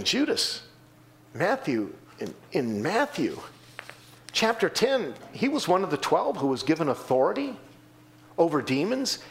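A man preaching a sermon in a church, acting out the voices of the people he quotes and answers from the pews. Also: vocal fry. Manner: animated, acts out quoted voices with sudden pitch jumps. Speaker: pastor.

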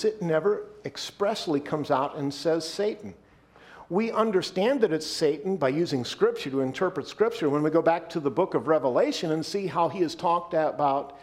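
A male pastor delivering a sermon, emphatic, slowing down and dropping his voice to stress key points. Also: on the high side, a little mellow.

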